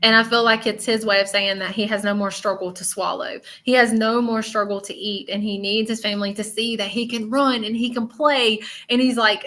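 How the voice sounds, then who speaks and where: Bright-voiced Southern woman giving a reading. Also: a little high. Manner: chatty, blunt, with many fillers. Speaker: spiritual medium. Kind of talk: live-stream psychic reading.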